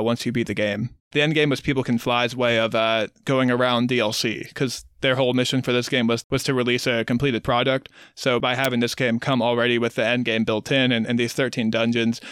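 Smooth-voiced explaining podcast co-host man. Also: mid-range voice, fairly bright tone, dry recording, clean studio sound. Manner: explanatory, walks through details. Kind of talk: casual chat.

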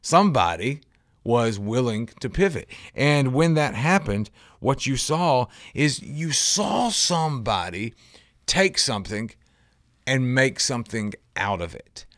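A man's voice: medium pitch, lively intonation, a little slow, fairly bright tone, dry recording. Dry-sounding male radio host. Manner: conversational, anecdotal, with restarts and light laughs. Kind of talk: reflective radio talk.

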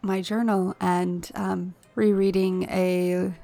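A woman at a tabletop game who talks in a hesitant, halting way with frequent fillers. Her mid-pitched voice has a gravelly fry. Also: flat delivery, warm tone. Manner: hesitant, with many "um"s. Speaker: player.

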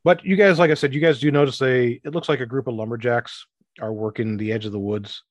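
Casting: male game master, mid pitch, loose rambling narration, dry close sound. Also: fairly even intonation, no echo. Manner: rambling, restarts often, voices townsfolk in quick asides.

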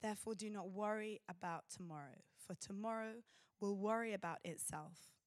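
Woman, sermon, earnest, halting restarts, dry sound. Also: mid-range voice, no echo. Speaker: preacher.

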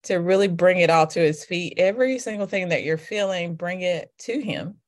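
Soft-spoken woman, lowish voice. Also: normal speed. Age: adult with children. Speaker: guest, author. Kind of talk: reflective faith conversation.

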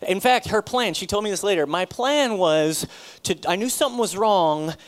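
A middle-aged man, a pastor, telling a personal story in a sermon, acting out the dialogue with sudden loud bursts. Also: high-pitched, lively intonation, moderate pace.

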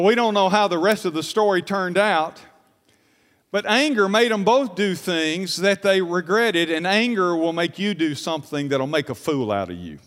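A middle-aged male pastor preaching a sermon, rising to emphatic peaks, dropping to hushed lows, and putting rhetorical questions to the congregation. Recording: reverberant church hall.

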